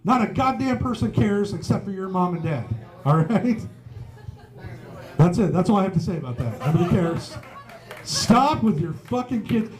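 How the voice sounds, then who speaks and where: A stand-up comedian with a high-pitched, expressive, darkish voice performs a set on a pub stage at a moderate pace. He swears freely and chuckles at his own jokes while a live audience is faintly audible.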